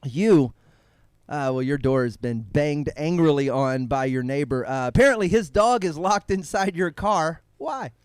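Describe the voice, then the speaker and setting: High, lively male comedy host. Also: clean tone, no room sound, studio quality. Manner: quick, laughing, lively banter. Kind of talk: live comedy show hosting.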